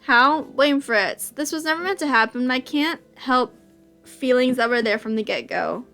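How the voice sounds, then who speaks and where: A woman voicing a brooding young man, a dark wolfish rival, reading a visual novel aloud in a low, soft, wistful way. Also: expressive, normal speed, faint music behind.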